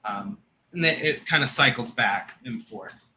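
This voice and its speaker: A man acting as game master for a tabletop game, narrating scenes in a relaxed, descriptive way with frequent laughs. His voice is bright and mid-pitched, with a faint hiss underneath. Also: unhurried, rough recording.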